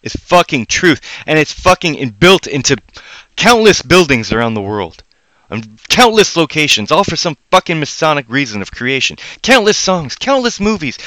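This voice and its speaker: A man hosting a live stream, ranting with heavy swearing, swinging between loud angry outbursts and low mutters. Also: very animated, brisk, no room sound, low-quality recording. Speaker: livestream host. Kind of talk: profane live-stream rant.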